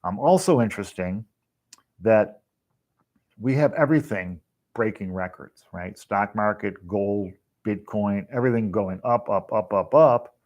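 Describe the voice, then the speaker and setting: A man's voice: fairly low pitch, measured pace, darkish tone. A man hosting a finance show, giving casual market commentary and explaining the numbers in a plain, chatty way with asides.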